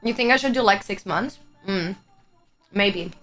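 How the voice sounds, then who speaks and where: Unhurried and fairly bright, this medium-pitched female voice belongs to a young Greek livestreamer whose native language is Greek. Talking with her live chat, she is chatty, laughs frequently, and swears casually, while faint music plays behind her.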